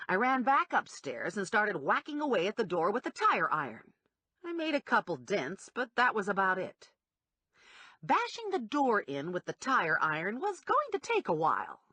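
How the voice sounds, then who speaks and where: A woman reading a comic first-person novel aloud as an audiobook narrator, with a lively delivery. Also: medium pitch, moderate pace, husky, no echo. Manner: lively, wide-ranging delivery with acted character voices.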